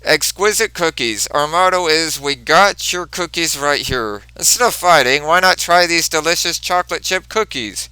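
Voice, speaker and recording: A man voicing a perky young woman making a chirpy sales pitch. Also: moderate pace, few pauses, pushed and bright, smooth, dry recording, low-quality recording.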